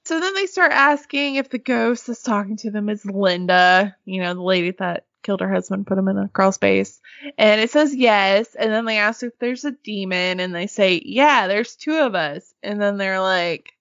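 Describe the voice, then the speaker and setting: A woman's voice: medium pitch, moderate pace, a bit bright, no room sound, dull audio. A woman retelling a show in a casual, sarcastic chat, laughing and swearing as she goes.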